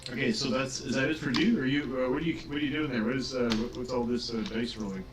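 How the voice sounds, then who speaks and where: A man running a tabletop game as game master, narrating in a halting way full of filler sounds. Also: mid-range voice, steady tone, background noise. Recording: roomy, distant from the mic.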